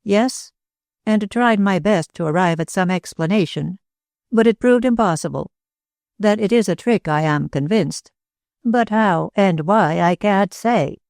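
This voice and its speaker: A woman voicing a small, intense older male inventor who speaks in a grave, deliberate way in an audiobook. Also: medium pitch, vocal fry, a little mellow, no echo, studio quality.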